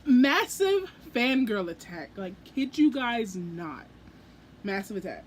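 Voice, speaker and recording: A young adult woman telling a story in a casual book vlog, gushing and excitable, acting out her own reactions as she goes. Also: on the high side, slow pace, a little hiss or hum. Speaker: book vlogger.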